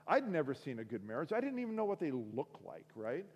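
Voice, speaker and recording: Animated man telling his testimony. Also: a little high, quick pace, in a large hall, muffled recording, slight background noise. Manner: animated storytelling, acts out dialogue. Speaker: guest speaker. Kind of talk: sermon testimony. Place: school auditorium.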